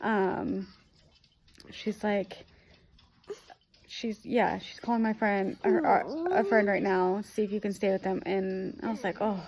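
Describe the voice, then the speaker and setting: A woman's voice: medium pitch, slow pace, darkish tone. A young woman vlogger retelling a hard weekend in a rambling, emotional way, full of fillers. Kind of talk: casual storytelling.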